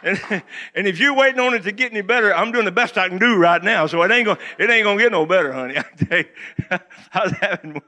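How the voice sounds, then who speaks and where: Male preacher, high and bright, folksy humor, laughs a lot. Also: expressive, fast talker. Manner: folksy, joking, laughs often. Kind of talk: humorous sermon. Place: church.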